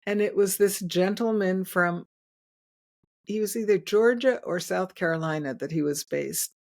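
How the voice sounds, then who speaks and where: A woman's voice: medium pitch, unhurried, gravelly, a little mellow. An older woman, a guest inventor, telling stories in a chatty interview, laughing often and restarting her sentences. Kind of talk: storytelling in casual interview.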